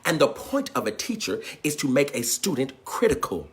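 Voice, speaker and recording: A man's voice: fairly high pitch, wildly swooping pitch, normal speed, breathy edge. A man hosting a livestream as a teacher, talking in a fervent, preaching style, repeating his phrases and calling out viewers by name.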